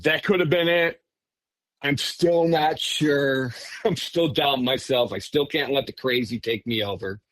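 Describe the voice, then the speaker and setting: A man telling his own story as a podcast guest in a casual, animated way, often breaking off and restarting. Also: mid-range voice, no echo. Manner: animated, self-interrupting, says "frickin'". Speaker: podcast guest recounting encounters.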